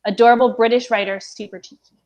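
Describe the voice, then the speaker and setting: A woman hosting a casual chat on a video call, encouraging the others with quick affirmations. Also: on the high side, fairly even intonation, a little mellow. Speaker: bookshop host.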